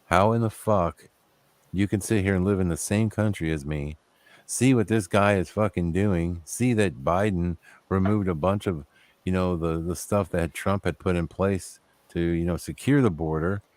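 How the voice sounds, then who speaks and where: A man's voice: low-pitched, moderate pace, a little mellow, dry recording. A man hosting a casual talk show, rambling and opinionated, growing heated at times. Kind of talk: casual chat.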